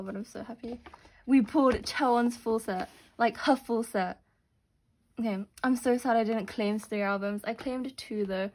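A young woman doing casual unboxing commentary, gushing and gasping with excitement over what she pulls. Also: fairly high pitch. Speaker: unboxing vlogger.

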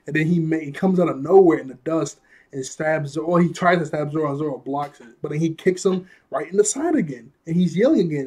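A man casually recapping an anime episode, animated, laughing often, and acting out quotes in a raised voice, a bit out of breath. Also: a little high, fast talker, slightly rough. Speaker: anime reviewer.

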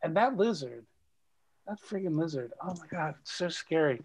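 A middle-aged actor chatting as a guest over a video call, telling animated stories and laughing often. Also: male voice, fairly high pitch, moderate pace, husky. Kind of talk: casual video call interview.

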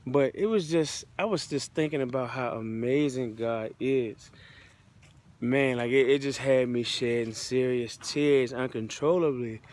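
A male American motivational speaker, medium-pitched and slightly dark in tone, delivers his testimony a little slowly. The telling is casual and heartfelt, peppered with loose slang.

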